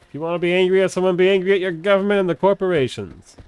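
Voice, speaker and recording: A man's voice: high-pitched, very fast, darkish tone, clear, resonant tone, no room sound. A man live streaming while gaming, chatting casually in a rambling, profane way and often cutting himself off to restart.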